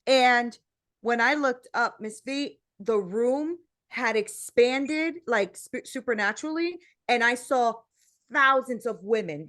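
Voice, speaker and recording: A middle-aged woman, a guest and motivational speaker, tells her faith story in an earnest, animated way, full of casual fillers. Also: a little high. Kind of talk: personal faith testimony in conversation.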